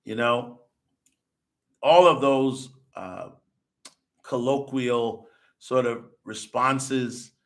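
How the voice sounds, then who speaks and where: Speaking extremely slowly with frequent pauses, a US podcast host in a steady, medium-pitched voice lectures in reply to viewer comments. He argues through rhetorical questions, restarts, repeats himself and often adds "okay?".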